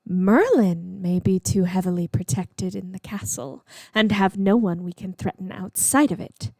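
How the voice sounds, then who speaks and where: A woman's voice: medium pitch, unhurried, vocal fry, warm tone, no room sound. A woman voicing an ambitious young noblewoman who speaks in an impatient, pressing tone. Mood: plotting.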